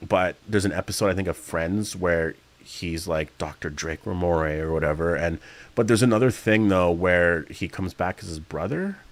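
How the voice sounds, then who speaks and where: A man's voice: deep voice, moderate pace. A man chatting casually on a livestream Q&A, rambling through fillers and restarts, now and then yawning. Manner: rambling, chatty, frequent fillers and self-corrections; sometimes yawning mid-speech. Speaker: streamer reading live chat.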